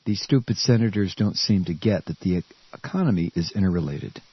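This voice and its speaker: Male talk radio host, angry stammering rant, husky, swinging pitch. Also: animated, fairly quick, dry recording, highs cut off. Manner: furious, stammering, profane.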